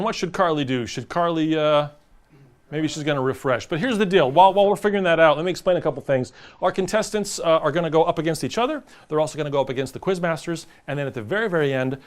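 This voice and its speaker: Guy hosting a quiz show, bouncy lively voice, corny jokes, kinda high. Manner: jokey, punning banter with contestants.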